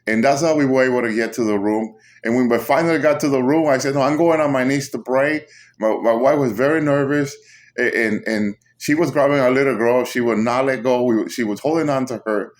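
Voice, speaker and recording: A man tells a frightening personal testimony in an ordinary, middle-pitched voice. He speaks haltingly, stumbling and repeating words. An urgent edge runs through his telling. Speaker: storyteller recounting a vision.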